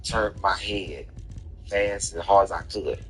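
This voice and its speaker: A man streaming gameplay, telling a personal story in an animated, profane way with bursts of laughter. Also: low-pitched, takes it slowly, a little hiss or hum, low-quality recording. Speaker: gaming streamer. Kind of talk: casual storytelling over gameplay.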